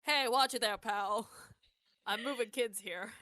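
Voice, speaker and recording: A woman doing a loud cheery animatronic mascot. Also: unhurried, no room sound. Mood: gruff. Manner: booming showman greeting.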